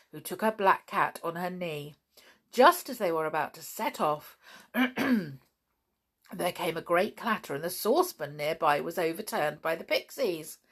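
A woman reading a children's story aloud with gentle, expressive delivery. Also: fairly low pitch.

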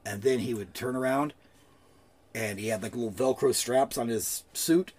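A man's voice: mid-range voice, normal speed, darkish tone. A man co-hosting a podcast, telling loose, jokey stories in casual chat and swearing freely. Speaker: podcast co-host.

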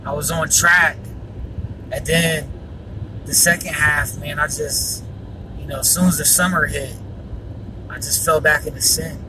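Speaking off-mic in a noisy recording, the fairly high-voiced man keeps a steady tone and measured pace, leaving long pauses. He hosts a personal faith podcast, talking earnestly but rambling, full of fillers and repeated yawns.

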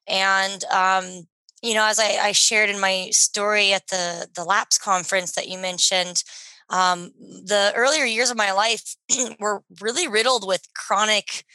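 A young woman with a raspy, hoarse voice, speaking as an interview guest in a relaxed, measured way. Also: mid-range voice, no room sound, rough recording. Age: young adult. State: hoarse from heavy singing.

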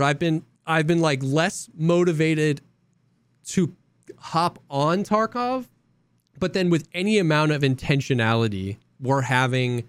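A young man co-hosting a podcast, telling stories in a lively, animated way and acting out quotes. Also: a little high, clean tone, no room sound. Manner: animated storyteller, acts out quotes. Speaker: podcast co-host. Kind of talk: casual chat.

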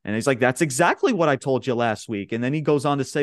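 A man's voice: mid-range voice, fast, no echo, studio quality. A young man from Long Island, casually recapping wrestling promos on a podcast and acting out the quotes with laughs. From Long Island, New York. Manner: animated retelling, quoting wrestlers with laughs. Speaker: podcast host.

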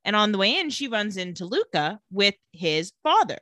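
A woman's voice: medium pitch, normal speed, dry recording, studio quality. A woman co-hosting a casual podcast, animatedly recapping a TV episode and acting out the characters' lines. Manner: animated storyteller who acts out characters' quotes. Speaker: podcast co-host.

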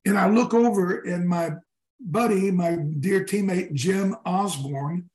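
A man in his sixties, a former football player telling stories in a casual interview, animated, swearing and acting out his teammates' lines. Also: high-pitched, slow pace, echoey room, poor audio. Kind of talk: storytelling in casual conversation.

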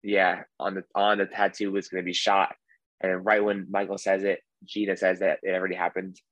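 A man's voice: deep voice, level tone, a little fast, a bit bright, no echo, muffled recording. A man from the United States, a guest on a podcast, chatting in an easygoing, rambling way. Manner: easygoing, rambling, filler-heavy. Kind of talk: casual podcast chat.

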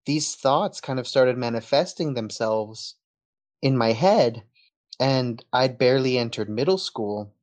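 A man's voice: medium pitch, a little slow. A man with a slight Texan accent chatting as a podcast guest, telling stories and laughing often. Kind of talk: casual podcast chat.

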